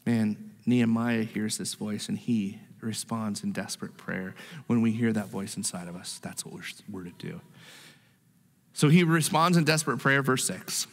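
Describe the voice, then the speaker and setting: A man preaching a sermon as pastor, animated, repeating words and acting out the voices he quotes. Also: on the low side, normal speed, gravelly, big-room sound. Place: church sanctuary.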